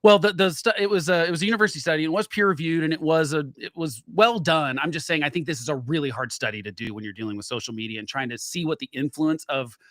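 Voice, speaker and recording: A man's voice: on the high side, fast, hardly any pauses, fairly bright tone, no echo, clean studio sound. A man co-hosting a political talk show, arguing his point and cutting in on the others. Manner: argumentative, interrupts, talks over others. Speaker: co-host.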